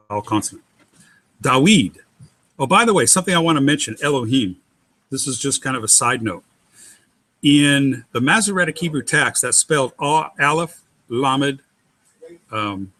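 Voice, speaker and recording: Bright-voiced man teaching Hebrew syllables. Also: mid-range voice, dry recording. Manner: patient, methodical, spells out letters.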